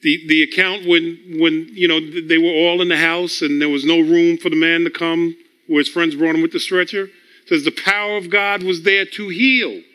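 Bright-voiced man preaching with chuckles. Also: a little high, flat delivery, normal speed. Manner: chuckles often, repeats words as he builds a point; storytelling, teaching tone. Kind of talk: conversational sermon.

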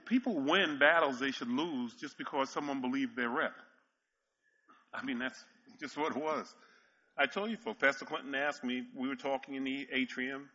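A man's voice: on the high side, sharp tone, lo-fi sound. A male pastor preaching a sermon, telling stories with emphatic repetition and frequent chuckles. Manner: storytelling, emphatic, chuckles often.

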